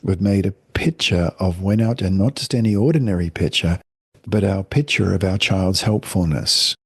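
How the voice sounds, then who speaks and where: A middle-aged man, a family counselor, explaining his ideas in a gentle, reflective way in a podcast interview. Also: deep voice, moderate pace, husky, dry recording, clean studio sound. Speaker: guest, family counselor and author.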